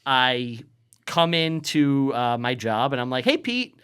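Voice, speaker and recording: A man's voice: medium pitch, takes it slowly, fairly bright tone, smooth. A man telling a long story on a podcast, casual and profane, acting out what people said. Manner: rambling, profane, acts out quotes. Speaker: guest storyteller.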